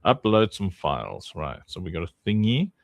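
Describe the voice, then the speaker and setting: A man hosting a casual live stream in a goofy way, jumping into silly squeaky voices and laughing as he chats with his community. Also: big pitch swings, normal speed, vocal fry, dry recording, clean studio sound.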